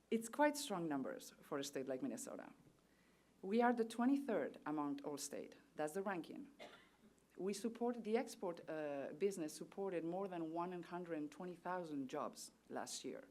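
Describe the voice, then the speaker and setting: With a low, darkish voice, a woman from Spain, a native Spanish speaker with a Spanish accent, serves as a trade official at a seminar venue. She gives formal, earnest prepared remarks, reciting statistics.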